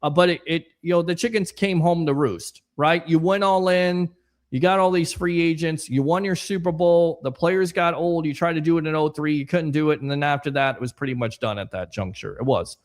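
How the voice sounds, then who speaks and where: A man's voice: a little high, a little fast. Chatty man reading viewer comments. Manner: chatty, rambling, reads comments aloud with asides. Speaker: sports podcast host. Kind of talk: casual livestream chat reading viewer comments.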